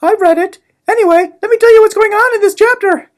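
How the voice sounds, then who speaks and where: A woman with a very high voice summarizes a novel chapter in a casual, joking way. She tosses in sarcastic asides and acts out bits of the story. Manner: sarcastic, playful, quick asides. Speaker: literature explainer.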